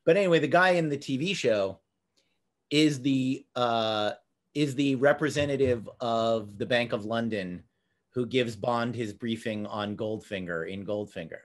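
A man hosting a podcast, chatting casually and telling stories with quick laughs. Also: mid-range voice. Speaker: podcast host. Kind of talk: casual chat.

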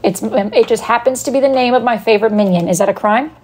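A woman's voice: fairly high pitch, fast talker, darkish tone. A woman hosting a casual live stream, playfully reading out joke slogans from her crafts and teasing viewers by name. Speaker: live-stream host showing her wood-burned crafts.

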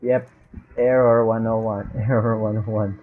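A man's voice: on the low side, level tone, a little slow. A man rambling and swearing to himself while playing a game. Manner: rambling, profane, talks to himself in mixed languages. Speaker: gamer vlogger. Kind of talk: rambling gameplay commentary. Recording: lo-fi phone-like sound with faint noise.

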